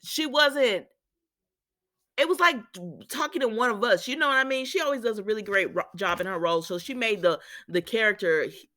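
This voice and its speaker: A woman chatting casually as she recaps a soap opera, animated and opinionated, with sassy asides and remarks aimed at the characters. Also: a little high. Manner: drawn-out exclamations and sassy asides.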